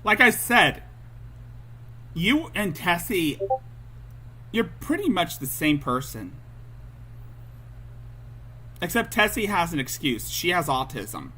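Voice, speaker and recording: A man's voice: high voice, big pitch swings, a little slow, long pauses, bright, forceful tone, husky. A man hosting a livestream, reacting to clips with angry, profane ranting. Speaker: livestream host.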